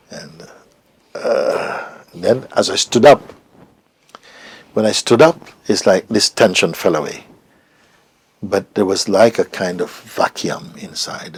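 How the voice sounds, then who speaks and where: A middle-aged man, a spiritual teacher appearing as an interview guest, recounts a personal story in a low, creaky, husky voice. He is reflective and hesitant, at times dropping to a whisper.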